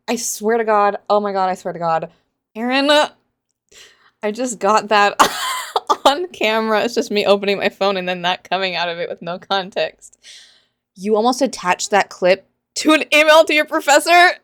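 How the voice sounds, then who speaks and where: A woman's voice: medium pitch, lively intonation, normal speed, a bit bright, clear, resonant tone. Sarcastic, exasperated young woman vlogger. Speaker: book reaction vlogger. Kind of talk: casual reaction commentary.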